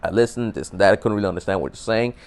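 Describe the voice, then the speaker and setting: A man's voice: on the low side, racing. Dude ranting about girls on his vlog, swears a lot, keeps restarting his sentences, really emphatic. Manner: profane, rambling, repeats and restarts words; animated, emphatic. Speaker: dating advice vlogger. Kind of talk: casual storytelling monologue.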